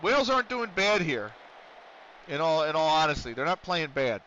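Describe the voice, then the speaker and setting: A young man from Pennsylvania chats through a livestream, profane and rambling. His voice sits a little high and sounds bright, almost sharp. The audio is dull and lo-fi, with a faint hiss underneath. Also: big pitch swings, moderate pace. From Pennsylvania, USA. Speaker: streamer. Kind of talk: casual gaming stream chat.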